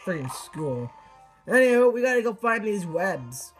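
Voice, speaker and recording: A teenage boy giving excitable, rambling commentary over his gameplay, full of exclamations and restarts. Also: high-pitched, a little slow, soft background music, poor audio. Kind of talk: casual game commentary.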